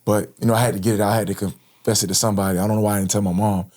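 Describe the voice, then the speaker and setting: A man's voice: lowish voice, level tone, rapid-fire, darkish tone. A man in his thirties from Florida, recounting his past as an interview guest in casual, slang-filled, earnest speech. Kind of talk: personal storytelling in interview.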